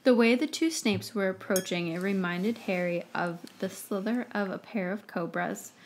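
A woman podcast host reading fan fiction aloud with expressive storytelling narration. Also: mid-range voice, moderate pace, a little hiss or hum.

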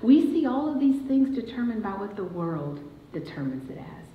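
Telling a family story from the pulpit, a woman with a slightly high, very animated voice speaks at normal speed and rises to emphatic declarations. The church recording is muffled and echoey, with a little background noise.

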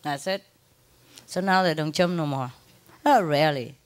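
A woman's voice: low voice, moderate pace. Woman telling pet stories with frequent laughter. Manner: animated, laughs often while telling stories. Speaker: spiritual teacher. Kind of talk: casual storytelling talk to followers.

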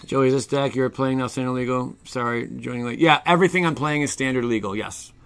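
Bright-voiced excitable male streamer. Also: mid-range voice, fairly quick, smooth. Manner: excitable, jokey, talks to chat. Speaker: streamer playing a card game. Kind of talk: casual live stream commentary.

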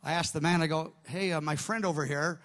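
A middle-aged male pastor delivers a storytelling sermon with a fairly high voice. He acts out the quoted dialogue as he goes, so his delivery keeps shifting. The tone stays lively and engaged throughout. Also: fairly quick.

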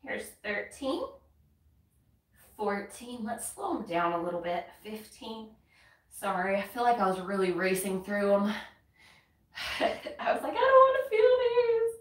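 A woman's voice: medium pitch, expressive, unhurried, long pauses. A woman from North Carolina with a Southern accent, chatting and counting reps while doing a workout, a little winded. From North Carolina, USA. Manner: chatty, counts reps aloud, laughs and sighs between moves. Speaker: fitness content creator. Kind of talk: casual workout instruction while exercising. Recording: roomy sound, mic at a distance.

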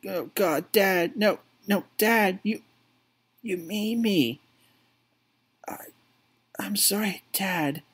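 A man doing a young son whose voice strains high and loud as he accuses and pleads. His tone rises and falls a lot, with some huskiness. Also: sing-song, normal speed. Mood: desperate. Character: young homeless son, anguished and defiant.

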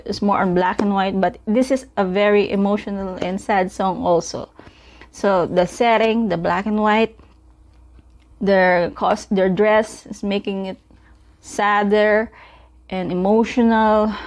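A woman's voice: mid-range voice, fairly even intonation, a little slow, darkish tone. A woman hosting a reaction video, speaking casually and gushing with repeated spelled-out exclamations about what she watches. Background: the reviewed song playing faintly.

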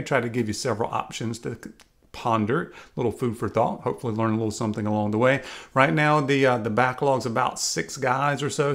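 A man hosting his own beard channel, talking casually and chattily with lots of fillers as he gives beard advice. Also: mid-range voice. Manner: relaxed and chatty, frequent "uh" and "kinda". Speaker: YouTube beard channel host. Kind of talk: casual video commentary.

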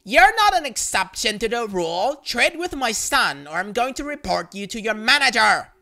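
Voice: medium pitch, sing-song, normal speed, sharp tone. A storyteller voicing a pushy, entitled mother who makes demands and threatens to report someone. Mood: demanding.

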